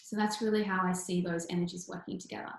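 Woman coach talking soft and flowy, repeats herself a lot, super echoey room. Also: fairly low pitch, steady tone, fast talker, vocal fry. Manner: flowing, soothing, repeats phrases. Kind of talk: casual teaching talk answering questions.

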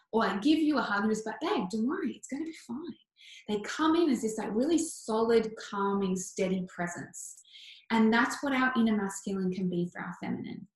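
A woman coaching listeners in a flowing, soothing manner, repeating phrases as she answers questions in casual teaching talk. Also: medium pitch. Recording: very echoey room.

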